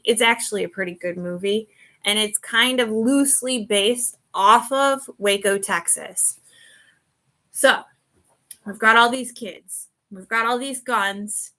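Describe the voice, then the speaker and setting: A woman with a medium-pitched, sharp-toned voice hosts a podcast. Her casual, chatty talk rambles and keeps getting sidetracked into side remarks.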